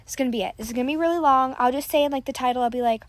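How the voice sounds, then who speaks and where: A woman's voice: high-pitched, racing, slight background noise. Chatty teen girl rambling on a podcast. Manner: chatty, filler-heavy, self-deprecating. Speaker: podcast host. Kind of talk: casual rambling monologue. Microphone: built-in device mic.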